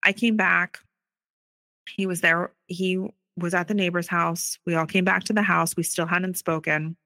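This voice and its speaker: Earnest woman, bright dry voice. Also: on the low side, level tone, no room sound. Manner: earnest, recounts events quickly with acted quoted dialogue. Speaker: interviewee sharing her story. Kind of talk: personal testimony storytelling.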